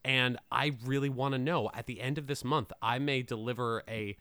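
A man co-hosting a comedy podcast, rambling and correcting himself in a good-natured way. His voice is mid-pitched and smooth. The sound is close and dry. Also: steady tone, moderate pace, a bit bright, dry recording. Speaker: podcast co-host. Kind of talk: casual comedic chat.

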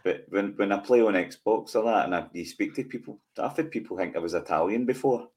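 A man's voice: on the low side, fairly quick, a little mellow. A Scottish man in his forties co-hosting a podcast, chatting in self-mocking banter. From Scotland. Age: 40s. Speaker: podcast co-host. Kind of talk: casual chat.

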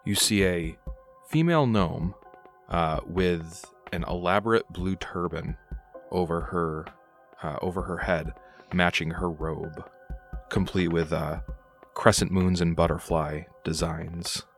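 Low-voiced male game master, halting delivery, soft music underneath. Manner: halting, with many fillers. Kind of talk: narrating a tabletop game. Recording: faint background music.

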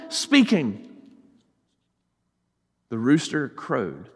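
A high-voiced male pastor with a Southern accent delivers a sermon. He drives hard in urgent passages and then sinks to a near-hush. His voice trails off into a long, echoing reverb. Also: expressive, a little slow, long pauses. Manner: swings between loud urgency and hushed, low intensity.

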